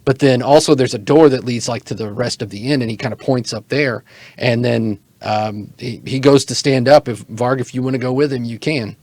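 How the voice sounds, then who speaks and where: A man's voice: medium pitch, no room sound. A man in the middle of his range runs a tabletop game, describing scenes at an easy pace with plenty of ums and restarts. His mic sounds close and dry, with no room around it. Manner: relaxed, halting narration with many fillers. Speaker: game master.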